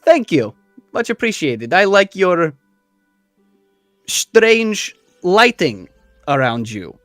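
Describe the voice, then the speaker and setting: A man doing a bright, polite lady. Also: high-pitched, big pitch swings, takes it slowly, no echo, clean studio sound, soft background music, pitched above the performer's own voice, exaggerated voice. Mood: pleased. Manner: polite, pleased and appreciative. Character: friendly woman trading compliments.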